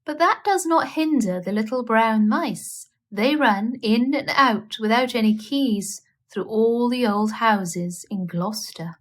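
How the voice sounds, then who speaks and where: A woman reading a children's bedtime story aloud in a gentle, expressive manner. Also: on the high side, measured pace, hardly any pauses.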